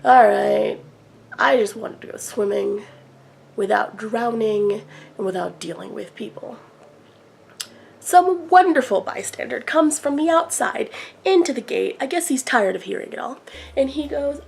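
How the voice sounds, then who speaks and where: A woman vlogger telling an exasperated story in a casual rant, animated as she acts out what people said. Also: on the high side, creaky, breathy edge, poor audio. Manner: exasperated, animated retelling with acted quotes.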